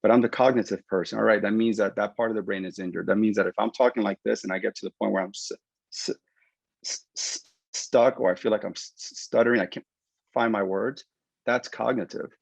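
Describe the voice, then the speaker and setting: A man working as a concussion rehab clinician, giving an animated explanatory webinar talk over a video call. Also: lowish voice, a little fast, gravelly, slightly rough, no room sound. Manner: animated, explanatory, acts out patient quotes. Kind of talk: webinar presentation. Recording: dull lo-fi dry webinar audio.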